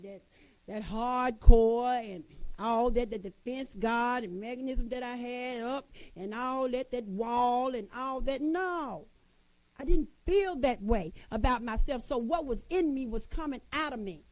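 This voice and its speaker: A woman in a casual motivational talk to women, folksy and lively, calling her listeners sisters. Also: fairly high pitch, no echo, low-quality recording.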